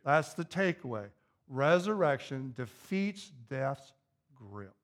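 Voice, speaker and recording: A pastor preaching a sermon, repeating key phrases and building to an emphatic, raised intensity. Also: male voice, medium pitch, very animated, takes it slowly.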